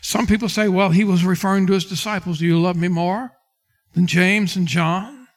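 Man pastor, high-pitched, preaching a sermon and acting out scripture scenes. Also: fairly even intonation, normal speed. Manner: preaching with King James quotes and dramatic retellings.

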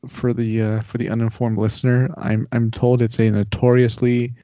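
A man with a warm, mellow voice chats casually on a podcast, full of playful jokes. The recording is dry and close, with dull, lo-fi sound. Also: medium pitch, level tone, normal speed, no room sound. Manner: joking, playful asides. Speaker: podcast co-host. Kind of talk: casual chat. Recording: dry, muffled lo-fi audio.

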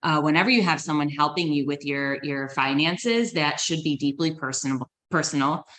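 A woman with a low voice talks through personal finance as a podcast guest. She is earnest and encouraging, and she often restarts phrases and uses fillers. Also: moderate pace, a bit bright. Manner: conversational, frequent fillers and restarts. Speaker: financial advisor. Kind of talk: podcast interview.

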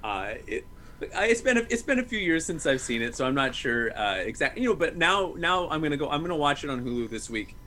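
A man in his thirties co-hosting a casual movie podcast, joking and restarting his sentences often. His voice is bright and slightly high, and it rises and falls constantly. A faint noise hums underneath. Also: fairly quick. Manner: jokey, animated, self-interrupting. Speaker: podcast co-host. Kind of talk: casual movie-review chat.

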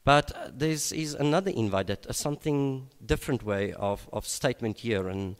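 A man preaching a sermon at an evening gathering, unhurried and reflective, with frequent hesitations and restarts. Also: medium pitch. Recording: long reverb of a large hall.

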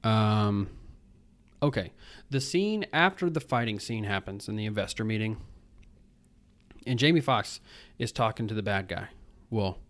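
A man co-hosting a casual movie podcast, animated and acting out quotes as he talks. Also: fairly low pitch, measured pace, no room sound. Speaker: podcast co-host. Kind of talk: casual chat.

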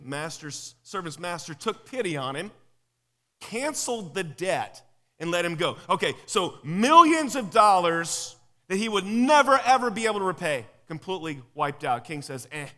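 A man preaching a live sermon in a casual, lively way, firing rhetorical questions at the congregation, recorded with a long hall reverb. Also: on the high side, moderate pace.

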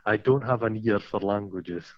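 Animated northeast Scottish man, lo-fi. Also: lowish voice, normal speed. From Scotland. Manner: animated, swearing, laughing storyteller. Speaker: podcast host. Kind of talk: casual chat. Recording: slightly dull lo-fi sound.

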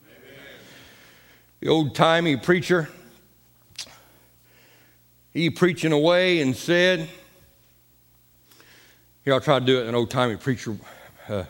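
A man's voice: high-pitched, fairly bright tone, clean tone. A pastor preaching a folksy, repetitive sermon in his church sanctuary. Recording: long church reverb.

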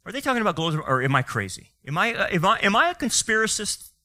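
Bright, animated preaching man. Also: sits high, rapid-fire. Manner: fiery, with sarcastic asides and rhetorical questions. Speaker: pastor. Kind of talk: sermon.

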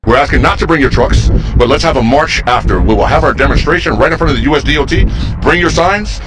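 A man's voice: a little high, lively intonation, quick pace. A man rallying truckers to a march, urging them to bring signs. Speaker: protest organizer. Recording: noisy clip with background sound.

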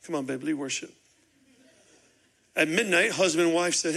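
Man, guest pastor, sermon, high bright voice, animated storytelling, fervent preaching. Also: normal speed, vocal fry. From Chicago. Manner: animated, acts out dialogue, builds to shouted preaching.

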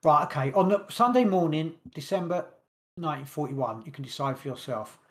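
A man hosting a podcast, reading long passages from his notes quickly and stumbling over words now and then. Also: fairly high pitch, animated. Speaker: podcast host. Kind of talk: casual podcast chat, reading notes aloud.

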